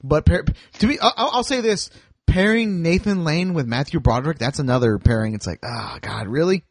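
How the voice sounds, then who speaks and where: Opinionated podcast host, slightly high voice. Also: male voice, lively intonation, fairly quick, no echo. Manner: opinionated, explaining with frequent restarts. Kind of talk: casual chat.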